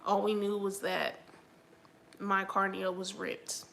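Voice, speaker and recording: Chatty young woman with a gravelly, bright voice. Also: mid-range voice, little pitch movement, slow pace, slight background noise. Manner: chatty storytelling, frequent "like", faith-filled. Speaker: livestream host. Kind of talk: casual personal testimony vlog.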